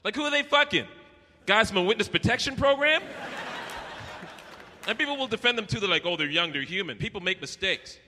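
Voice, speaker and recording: A man's voice: very high-pitched, expressive, fairly quick, pauses often, sharp tone. A man from Canada performing a brash, profane stand-up comedy routine at a live venue. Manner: brash, profane, acts out voices. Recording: echoey hall with faint noise.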